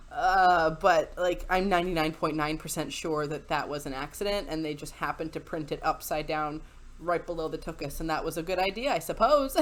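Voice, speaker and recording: A woman giving casual reaction commentary as a video host, sarcastic and incredulous, breaking into laughter often. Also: on the low side. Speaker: YouTube commentator.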